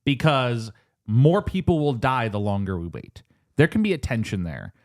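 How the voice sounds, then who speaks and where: A man's voice: mid-range voice, sing-song, normal speed. A man co-hosting a casual film-review podcast, rambling with restarts, lots of "like" and laughing asides. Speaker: podcast co-host.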